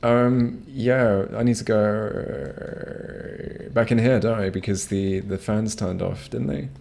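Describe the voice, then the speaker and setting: A man commenting casually as he plays a game, talking into a home streaming microphone. His voice is low and warm, and he rambles, swears freely and restarts his sentences often. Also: steady tone, takes it slowly, creaky. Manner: rambling, profane, frequent restarts. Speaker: gamer streaming a playthrough.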